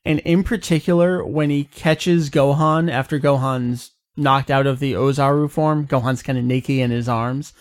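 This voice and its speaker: A man co-hosting a casual fan podcast, relaxed and chatty with frequent fillers. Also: mid-range voice, normal speed, hardly any pauses, dry recording, clean studio sound. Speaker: podcast co-host.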